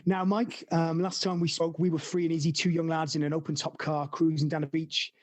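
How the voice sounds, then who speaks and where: A man's voice: on the high side, little pitch movement, brisk, a little mellow, dry recording. A man co-hosting a podcast, joking around in playful, absurd banter. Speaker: podcast co-host. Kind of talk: casual chat.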